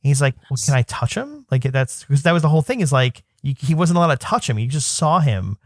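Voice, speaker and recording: A man's voice: mid-range voice, fast talker, no room sound, clean studio sound. A man in his thirties co-hosting a podcast, telling a long personal story in a rambling casual way with many fillers and restarts. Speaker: podcast co-host. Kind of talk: casual chat.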